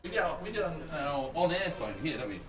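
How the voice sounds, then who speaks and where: A British man hosting a casual chat, talkative and quick to laugh, often trailing off into fillers. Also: on the high side, big pitch swings, over music. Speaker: host. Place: office studio.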